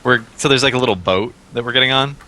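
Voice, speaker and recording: A man's voice: medium pitch, quick pace, sharp tone. A man playing a tabletop role-playing game, playful and hamming it up as his heroic character. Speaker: player. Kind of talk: casual tabletop game chat.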